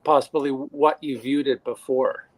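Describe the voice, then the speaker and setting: A man on a panel speaking earnestly in a casual discussion, halting and restarting his sentences. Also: medium pitch, steady tone. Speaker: panel guest.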